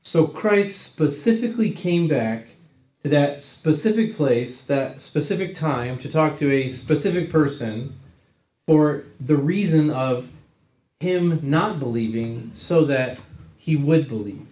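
A man's voice: on the high side, expressive, slow, darkish tone, roomy sound, low-quality recording. A man leading an informal Bible study class, talking it through conversationally and often checking in with "right?". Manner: conversational, checks in with 'right?' tags.

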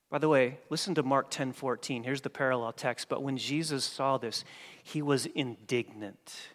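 A male pastor preaching a sermon, emphatic, repeating key phrases and slowing on words for stress. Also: medium pitch, a bit bright, big-room sound.

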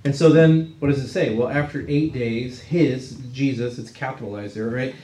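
Male Bible class teacher, mid-pitched and chatty, recorded with a roomy echo. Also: fairly even intonation, moderate pace, warm tone. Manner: conversational, checks in with 'right?' tags.

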